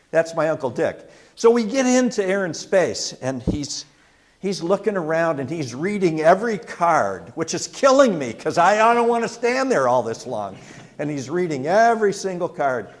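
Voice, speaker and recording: An older man, host of the talk, telling a personal family war story in a conversational way, with frequent restarts and fillers. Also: fairly high pitch.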